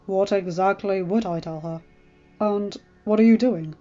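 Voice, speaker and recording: A woman gives voice to a grave lord and father, firm and measured in every word. The sound is slightly dull, with quiet music underneath. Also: mid-range voice, close to an everyday voice. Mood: stern.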